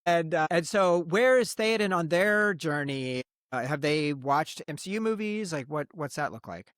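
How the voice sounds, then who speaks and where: A man's voice: on the high side, lively intonation, moderate pace, a bit bright, no echo, studio quality. A man hosting a podcast in casual chat, upbeat and teasing. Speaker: podcast host.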